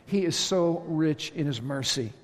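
A man preaching a sermon as pastor, emphatic, repeating phrases and building to loud exclamations. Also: on the high side, lively intonation, unhurried. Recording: long hall reverb.

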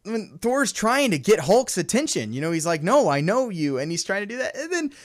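A man with a fairly high voice co-hosts a casual movie podcast. He talks with lots of energy, laughs often and acts out scenes from films as he goes. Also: very animated, brisk. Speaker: podcast co-host. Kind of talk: casual chat.

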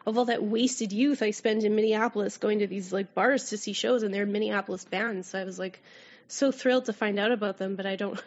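A woman's voice: mid-range voice, fairly even intonation, a little fast. A Canadian woman, a guest writer, chatting and swearing casually on a podcast. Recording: dull lo-fi audio.

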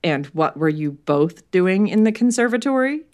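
Reader plays a steady, probing inspector; even and precise. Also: female voice, medium pitch, normal speed, close to an everyday voice. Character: calm probing male police inspector.

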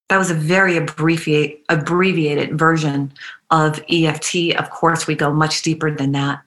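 A woman coaching a guided EFT tapping meditation, giving slow, soothing, repetitive cues. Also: low-pitched, fairly bright tone. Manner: playful bursts of animal noises and laughter.

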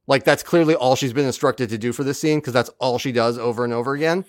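A man's voice: mid-range voice, quick pace, no echo, studio quality. A man co-hosting a podcast, recapping an episode in casual chat and acting out the characters' lines as he goes. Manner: animated, acts out characters' lines while recapping. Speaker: podcast co-host.

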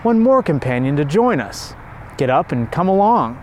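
A man voicing a kindly, cheerful middle-aged priest, spoken with earnest warmth in a storybook reading. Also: on the high side, sing-song, moderate pace, a little hiss or hum.

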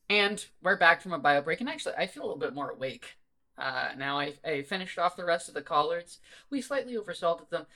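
A man's voice: a little high, sing-song, brisk, bright, forceful tone. A man co-hosting a podcast in casual chat, rambling and laughing with lots of restarts. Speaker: podcast co-host.

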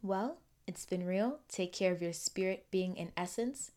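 Young woman, solo podcast host, earnest and affirming, loops phrases, drifts quiet. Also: medium pitch, a little slow. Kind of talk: reflective solo podcast monologue.

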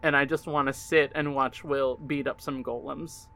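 A man co-hosting a podcast in casual, playful chat, quick to laugh and get excited. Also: mid-range voice. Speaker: podcast co-host.

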